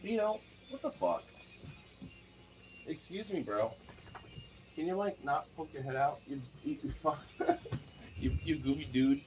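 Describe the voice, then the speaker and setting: A man in casual chat who keeps breaking into high-pitched baby talk for his cat. His pitch swings widely. Faint music plays behind him. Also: animated, measured pace, pauses often, darkish tone. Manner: swings into high squeaky pet voice.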